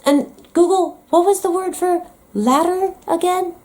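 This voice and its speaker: A woman's voice: extremely high pitch, measured pace, a little mellow. An American woman talking in a comedic vlog monologue, playful, teasing and dramatic. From United States. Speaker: vlogger.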